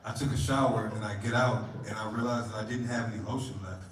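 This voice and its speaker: A deadpan man doing stand-up who teases the audience and mocks himself. He sounds far from the mic in a very echoey room. A loud, steady noise runs under his voice. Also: lowish voice, fast. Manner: deadpan, self-deprecating, teasing the crowd. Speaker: stand-up comedian. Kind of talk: stand-up comedy set. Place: comedy club stage.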